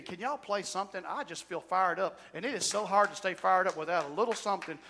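A man preaching a sermon as pastor, with shouted whoops and emphatic repetition. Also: high-pitched. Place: church sanctuary. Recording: church hall reverb.

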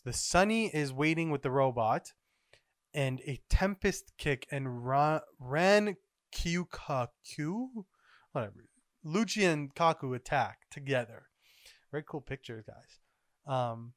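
A man hosting a podcast, recapping comic chapters in a rambling, excitable, casual way. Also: medium pitch, unhurried, no room sound, clean studio sound. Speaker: podcast host.

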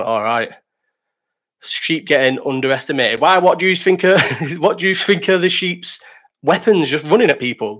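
A man's voice: on the high side, a bit bright. A man hosting a casual live stream, reading chat questions, rambling, swearing and laughing.

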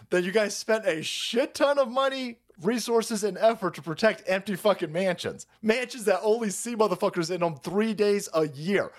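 Man, livestream rant, high voice, very lively pitch, profane, sarcastic, exasperated. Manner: foul-mouthed, sarcastic, exasperated; repeats words in rapid bursts. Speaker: livestream host.

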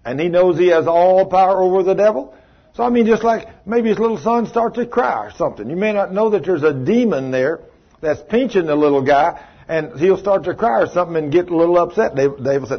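A man preaching a sermon, telling a story in a folksy, animated way and acting out the voices in it. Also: high voice, brisk, husky. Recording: dull lo-fi sermon recording.

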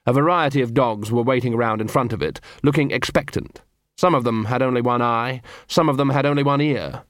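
A man narrating an audiobook, telling a comic story in an even, dry manner on a close studio mic. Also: medium pitch, brisk, no echo. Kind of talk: scripted narration.

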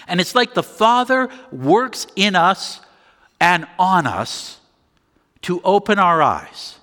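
A man preaching a sermon with slow, deliberate phrasing and emphatic pauses. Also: high voice, very animated, sharp tone, long reverb tail. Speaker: pastor.

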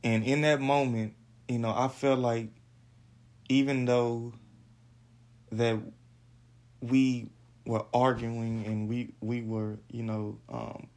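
A man telling a personal story on his podcast, halting and repeating words. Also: medium pitch, level tone, a little mellow. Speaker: podcast host.

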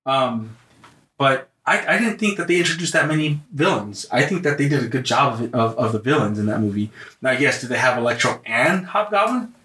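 A man chatting casually on a podcast, his voice bright and clear with a forward edge. He gets excited and jumps in over his co-host. The sound has a noticeable roomy echo. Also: medium pitch, fairly quick. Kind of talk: casual chat.

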